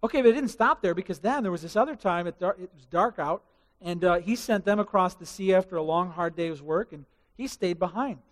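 A man preaching a sermon as pastor, telling the story in an animated way and asking the congregation questions. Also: high voice, a little fast, big-room sound.

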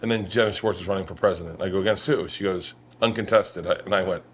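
A man's voice: low-pitched, fast, slight background noise. A middle-aged man hosting a casual podcast in a kitchen, telling a comic story with lots of swearing and acted-out quotes. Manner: animated, profane, acts out others' lines. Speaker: podcast host. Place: home kitchen.

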